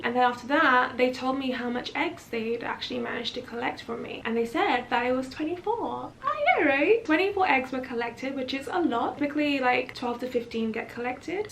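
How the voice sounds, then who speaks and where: A woman's voice: a little high, vocal fry, fairly bright tone, slight background noise. A woman vlogging, telling a personal story in a frank, chatty and dramatic way, often laughing. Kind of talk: candid storytelling vlog.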